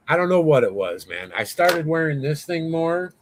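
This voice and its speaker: A man guesting on an interview, telling a story in a rambling, excitable way, full of swearing and fillers. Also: a little high, a little slow, a little hiss or hum. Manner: rambling, profane, lots of fillers; excitable, voice rising as he tells it.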